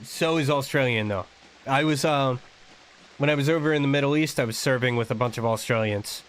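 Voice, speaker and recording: An American man talks casually while he plays a game, rambling from one thought to the next. He laughs often. His voice sits at a middle pitch. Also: fairly quick, a little hiss or hum. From United States. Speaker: streamer. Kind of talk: casual chat while gaming.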